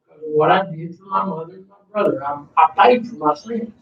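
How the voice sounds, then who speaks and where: A man's voice: fairly high pitch, fairly quick. An older man, telling a heartfelt personal story in a rambling way, repeating himself. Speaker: interviewee. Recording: roomy, distant, dull recording.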